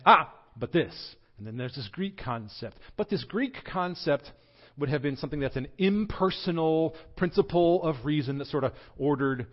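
A man's voice: a little high, lo-fi sound. A man with a Southern American accent preaching a sermon as pastor, teaching in a conversational, self-deprecating way with rhetorical questions.

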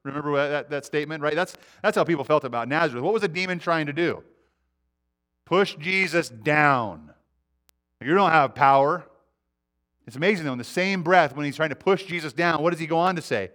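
A man preaching a sermon as pastor, earnest, letting his sentences fall to a quiet hush. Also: fairly high pitch, racing, few pauses. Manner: earnest, often dropping to a quiet hush at phrase ends; repeats words as he restarts.

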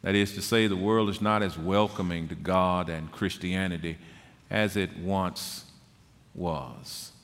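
Slow, emphatic preacher in reverb. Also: male voice, low voice, steady tone. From Texas. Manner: slow, emphatic preaching, rising to forceful peaks. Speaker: pastor. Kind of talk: sermon.

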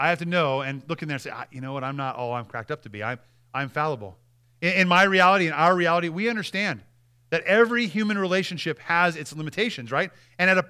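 A male pastor preaching a sermon, earnest, reading quoted passages aloud with emphasis and dropping to a hush at key lines. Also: a little high, clean tone. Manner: earnest, with repeated restarts and dramatic drops in volume.

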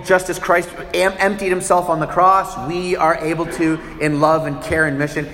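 A man preaching a sermon as a pastor, animated and acting out little scenes with shifting voices. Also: fairly high pitch, echoey room, big-room sound.

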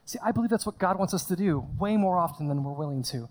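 Guy preaching from a stage, high voice, chatty, acts stuff out, repeats himself a lot. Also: animated, fast, few pauses, a little mellow. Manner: conversational, acts out scenes, repeats words. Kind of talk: sermon. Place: stage in front of a congregation.

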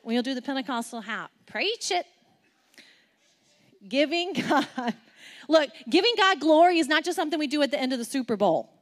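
A woman preaching a sermon to an audience in a lively, playful way, asking them many questions and acting out quotes with big jumps in pitch and volume. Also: a little fast.

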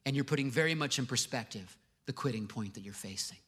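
A man's voice: mid-range voice, fast talker, a bit bright, breathy edge. A male pastor giving a sermon to a congregation, conversational with joking asides. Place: church before a congregation.

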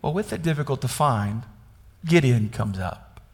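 A man's voice: mid-range voice, lively intonation, moderate pace, big-room sound. A man from Kansas preaching a conversational sermon, often asking his listeners questions. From Kansas, United States. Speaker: pastor.

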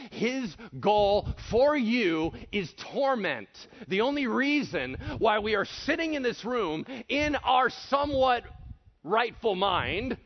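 A man preaching an animated, jokey sermon, acting out voices and swinging between loud and hushed delivery. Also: high voice. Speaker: pastor. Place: church room with audience. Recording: dull lo-fi sermon recording.

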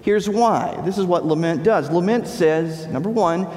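A male pastor delivering a sermon, preaching with dramatic pauses and rising emphasis. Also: high voice, darkish tone. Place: church sanctuary. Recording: long reverb of a large hall.

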